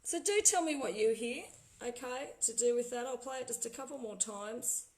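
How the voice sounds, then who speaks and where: A woman vlogger in casual livestream chat who talks excitedly, trails off and laughs often. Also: fairly high pitch, moderate pace, a little hiss or hum, poor audio. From Australia. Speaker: vlogger playing spirit recordings.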